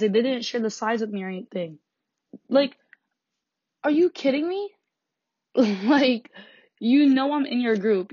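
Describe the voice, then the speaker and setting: A teenage girl, a high school student, venting about school in a frustrated, sarcastic rant, swearing and laughing between lines. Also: darkish tone, no echo, dull audio. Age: teens.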